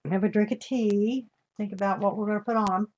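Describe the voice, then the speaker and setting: A woman's voice: medium pitch, steady tone, fairly quick, darkish tone, lo-fi sound, slight background noise. An older woman hosting a live craft demonstration, chatting in a homey way and greeting viewers with endearments. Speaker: craft show host.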